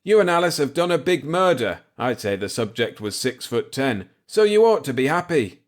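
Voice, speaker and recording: A man reading aloud, voicing an older man called Pop who speaks in a calm, matter-of-fact way. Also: mid-range voice, moderate pace, pitched above the performer's own voice, close to an everyday voice.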